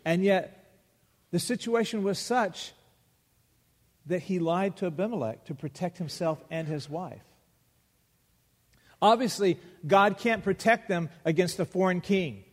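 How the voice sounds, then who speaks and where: A man preaching a sermon, acting out Bible dialogue with emphatic pauses. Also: sits high, animated. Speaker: pastor. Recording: long hall reverb.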